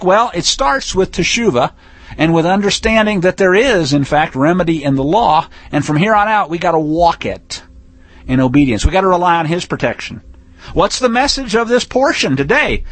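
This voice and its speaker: A man preaching a teaching sermon in a folksy, emphatic way, rising to forceful declarations. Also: sits high, dry recording.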